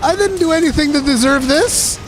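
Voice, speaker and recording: A man voicing a scared, gentle male monster lord that begs to be spared, in a whiny, high-pitched plea. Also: brisk. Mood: pleading. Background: game music.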